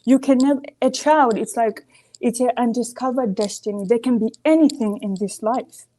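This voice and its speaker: Earnest woman caller with a mellow voice. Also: fairly high pitch, moderate pace. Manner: earnest, emphatic, says "you see" often. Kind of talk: call-in opinion.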